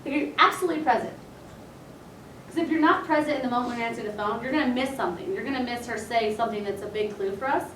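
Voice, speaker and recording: A woman's voice: a little high, very fast, a bit bright, slight background noise. A woman chiropractor giving a casual, chatty seminar talk to colleagues and acting out bits of dialogue. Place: meeting room. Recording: echoey room, mic at a distance.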